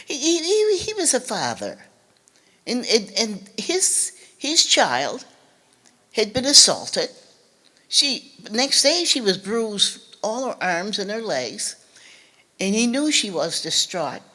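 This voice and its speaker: An older woman from Nova Scotia giving a talk, telling a family story in a halting, earnest way and often repeating or restarting her words. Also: mid-range voice, pushed and bright. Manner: earnest, recounts family memories. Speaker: guest speaker.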